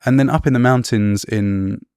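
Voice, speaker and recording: Gravelly-voiced man telling a story. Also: mid-range voice, normal speed, darkish tone, no room sound, studio quality. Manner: storytelling, laughs often. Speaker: podcast co-host. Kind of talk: casual chat.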